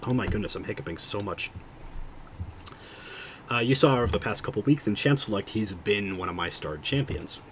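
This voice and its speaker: A man with a lowish voice chats casually with his viewers while he plays a game. He rambles, thinks out loud and cuts himself off mid-sentence. He speaks into a desk mic in a room at home, with a faint hiss behind him. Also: lively intonation, a little fast. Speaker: streamer. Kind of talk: casual livestream chat while gaming.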